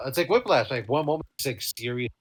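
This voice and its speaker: A man co-hosting a comic podcast, chatting casually, laughing and restarting his sentences. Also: medium pitch. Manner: lively, laughs, halting restarts. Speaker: co-host. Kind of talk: casual chat.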